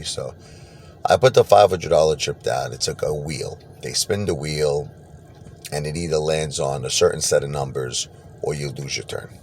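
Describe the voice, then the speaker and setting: A man telling a personal story casually, animated, laughing and acting out what people said. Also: rumbling low, normal speed, slight background noise. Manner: animated, laughs and acts out quotes.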